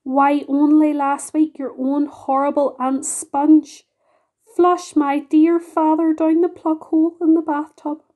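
A woman's voice: high-pitched, little pitch movement, slow pace, dark tone. A woman voicing a sad, dignified lady spider who speaks in sighs. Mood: mournful. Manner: sighing, mournful.

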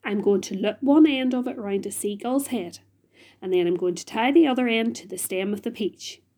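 A woman voicing an earnest young boy in a storybook reading, quiet at times and firm at others. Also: mid-range voice, moderate pace, lightly acted.

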